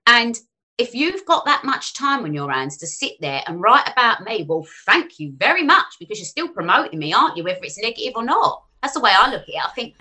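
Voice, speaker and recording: Bright-voiced chatty woman, forties. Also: a little high, a little fast. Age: 40s. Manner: chatty, animated, frank. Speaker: finance influencer guest. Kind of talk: casual interview chat.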